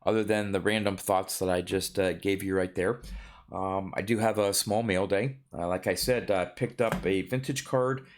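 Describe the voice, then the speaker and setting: A man's voice: low-pitched, fairly even intonation, moderate pace. A man vlogging about his card collecting in a casual, rambling way, with many ums and restarts.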